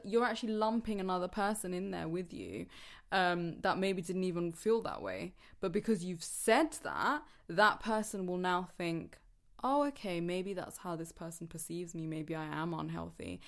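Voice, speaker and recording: Earnest woman with a lowish voice. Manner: earnest, chatty, laughs often, self-correcting. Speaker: self-help vlogger. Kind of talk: casual motivational talk to viewers.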